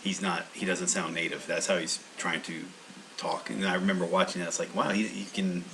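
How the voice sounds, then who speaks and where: A man's voice: low voice, little pitch movement, brisk, creaky, bright, forceful tone, slight background noise, low-quality recording. A man hosting a language-learning channel, talking in a meandering, casual monologue full of restarts.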